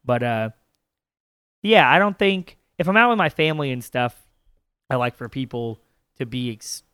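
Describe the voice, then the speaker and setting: A man co-hosting a casual comedy podcast, telling profane, animated stories full of acted-out quotes. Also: mid-range voice, clear, resonant tone, no echo. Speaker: podcast co-host.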